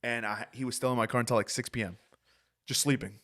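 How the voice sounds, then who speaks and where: A man's voice: mid-range voice, steady tone, fast, a bit bright. A young man hosting a podcast, telling rambling stories in casual chat and swearing a lot. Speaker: podcast host.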